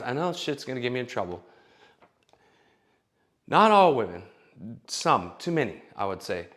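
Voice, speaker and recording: A man's voice: mid-range voice, fairly bright tone. Blunt, opinionated man. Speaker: vlogger giving dating advice. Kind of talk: casual opinion rant.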